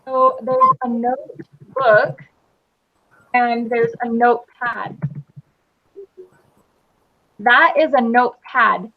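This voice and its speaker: A woman's voice: a little high, steady tone, slow pace, long pauses. Woman tutor on a muffled video call. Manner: patient, offers alternative phrasings. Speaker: English teacher. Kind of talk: casual online tutoring. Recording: dull video-call audio.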